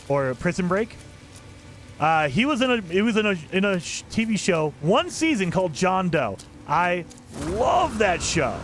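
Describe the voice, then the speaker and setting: A man's voice: a little high, a bit bright, slight background noise. A man streaming a video game, chatting casually and rambling with enthusiasm, often laughing at himself. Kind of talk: casual chat while gaming.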